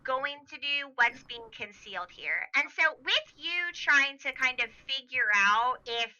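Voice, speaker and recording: Woman game master for a tabletop game: slow, chatty and full of fillers; very bright tone, dull lo-fi sound. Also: high-pitched, lively intonation. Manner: chatty, many fillers and restarts, laughs easily. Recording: dull lo-fi recording.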